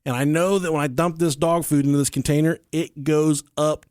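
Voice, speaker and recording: A man's voice: on the high side, fairly even intonation, a little fast, darkish tone, clear, resonant tone, no echo, studio quality. A man hosting a podcast, telling stories in casual chat, swearing freely, joking and laughing as he goes. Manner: profane, joking, laughs often while telling. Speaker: podcast host.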